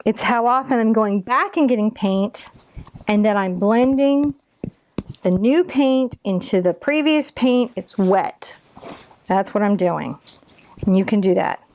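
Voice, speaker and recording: A woman's voice: medium pitch, lively intonation, a little slow, darkish tone. A woman teaching a step-by-step painting tutorial, chatty and encouraging as she talks through each brush stroke.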